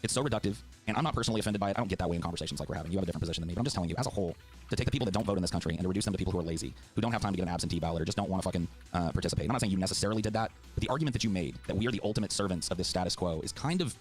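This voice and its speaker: A middle-aged man pleads his case in an impassioned debate, cursing freely and pressing every point. His voice sits low, and the words tumble out at a breakneck pace. Faint music runs underneath. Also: very fast. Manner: fiery, profane, heartfelt. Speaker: political debater.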